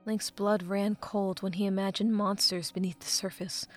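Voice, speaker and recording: A woman narrates a fan fiction audiobook in a mid-range voice at a moderate pace, with faint music behind her. Her expressive reading drops to a hush at dramatic moments.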